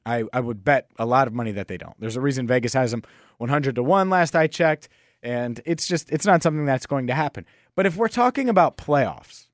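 A man's voice: a little high, no echo, studio quality. A young man hosting a casual solo sports podcast, talking in a rambling way with many restarts and fillers. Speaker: podcast host.

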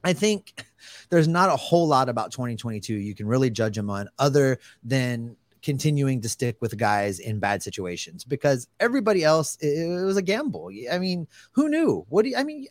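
A man co-hosting a sports podcast, talking casually in an animated, joking way. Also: medium pitch, a little fast, no room sound. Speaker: podcast co-host.

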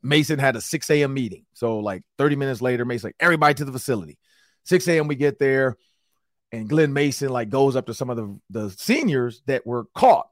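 A man hosting a sports talk show, telling a story in casual podcast style, animated and slangy. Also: mid-range voice, fairly quick, dry recording, studio quality. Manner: animated, acts out quotes in slangy banter.

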